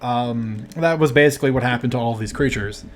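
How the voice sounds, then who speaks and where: A man as game master narrating a tabletop role-play game in a measured, hesitant way with many fillers. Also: mid-range voice.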